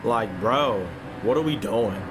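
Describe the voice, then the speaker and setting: Loud, profane man reacting. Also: lowish voice, expressive, slow pace, over music. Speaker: streamer reacting to a video. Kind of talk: reaction commentary.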